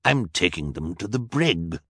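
A man voicing a scheming, vain male villain in a gruff, gloating voice. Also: deep voice, sing-song, measured pace, fairly bright tone, dry recording, studio quality, exaggerated voice.

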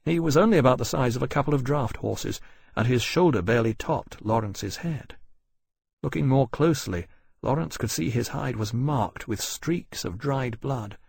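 A man reading an audiobook in a measured, even storytelling manner. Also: mid-range voice, gravelly, husky, no echo. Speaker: audiobook narrator. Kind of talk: scripted narration.

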